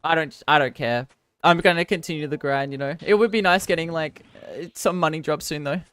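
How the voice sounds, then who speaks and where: Smooth-voiced rambling Australian woman streamer. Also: low-pitched, a little fast, fairly bright tone, no echo. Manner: rambling, self-mocking, answers viewers' chat between game moments. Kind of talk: casual live-stream chat.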